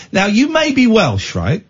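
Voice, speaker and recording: A man's voice: high voice, slightly rough. A man hosting a late-night radio phone-in, teasing callers and laughing often. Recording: slightly dull radio broadcast.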